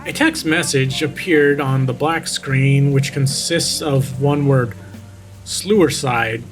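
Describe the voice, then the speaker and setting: A man's voice: medium pitch, fairly even intonation, slow, music in the background. A man reading a creepypasta aloud and breaking off to mock it with sarcastic commentary, close to the mic. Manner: sarcastic, interrupts the story to make fun of it.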